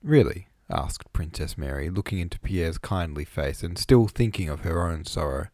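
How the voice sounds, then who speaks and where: Deep-voiced male audiobook narrator. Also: normal speed, darkish tone, no room sound. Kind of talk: scripted narration.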